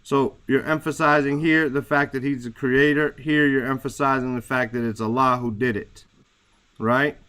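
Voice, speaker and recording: A man's voice: mid-range voice, a bit bright. A man teaching a class, talking casually and searching for words, often checking with "right?". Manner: searching for words, many fillers; repeats "right?" to check understanding. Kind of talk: classroom explanation.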